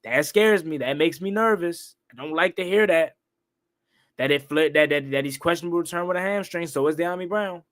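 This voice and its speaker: A young man hosting a live-stream football recap, excitable and repetitive, ranting and questioning the calls. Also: a little high, a little fast. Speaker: sports talk host.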